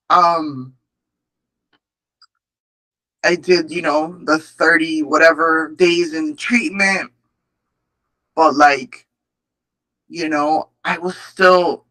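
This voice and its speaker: A man's voice: a little high, pushed and bright, low-quality recording. A man telling his recovery story at a support meeting, candid, emotional and full of swearing. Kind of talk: personal recovery testimony.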